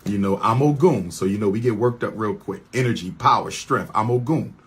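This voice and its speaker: A man in a heated, mocking rant to his audience, repeating lines for effect and swinging from loud outbursts to quiet asides. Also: on the low side, a little fast, slightly rough. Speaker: speaker addressing his audience.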